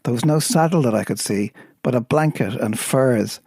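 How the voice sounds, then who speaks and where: A man's voice: medium pitch, moderate pace, mellow, breathy edge, no echo. Irish man reading poetry, dry sound. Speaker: host.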